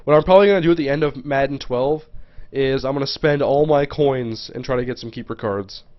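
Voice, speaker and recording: A man's voice: medium pitch, brisk, dull audio. A man casually commenting on a live stream, muttering to himself as he browses and reading viewers' questions aloud. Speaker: gaming livestreamer. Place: home.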